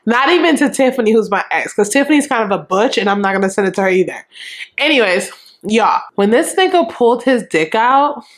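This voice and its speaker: A young adult woman vlogger telling a storytime in a frank, animated and profane way, acting out what people said. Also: a little high, brisk. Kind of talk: casual storytime.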